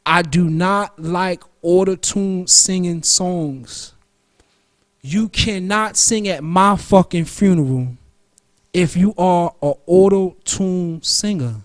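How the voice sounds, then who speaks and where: A man's voice: sits high, takes it slowly. A man hosting a radio show, talking in a loose, profane, rambling monologue that jumps from topic to topic. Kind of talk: casual solo monologue.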